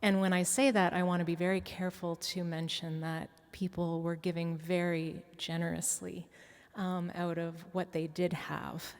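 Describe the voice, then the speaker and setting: A woman speaks slowly and deliberately on a church panel, pausing often to choose her words. Her voice sits fairly low. The long echo of a large sanctuary surrounds her. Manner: measured, careful, with many fillers. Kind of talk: panel talk.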